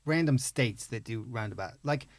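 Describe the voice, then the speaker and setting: A man co-hosting a podcast in a studio, wry and casual, often letting his sentences fade quietly at the end. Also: mid-range voice, animated, normal speed, no echo. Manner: wry, trails off quietly at phrase ends. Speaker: podcast co-host.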